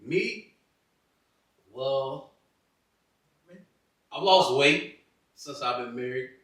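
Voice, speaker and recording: A man's voice: mid-range voice, animated, extremely slow, a bit bright, heavy reverb, far from the mic. A man co-hosting a casual chat with his wife, speaking in a laid-back, playful way. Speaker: podcast co-host.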